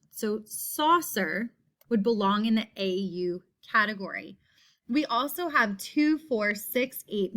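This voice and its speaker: Woman teacher doing a slow phonics lesson for little kids, a bit high voice, draws out every sound. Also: fairly bright tone. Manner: slow, drawn-out repeating of word sounds. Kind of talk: phonics lesson for young children.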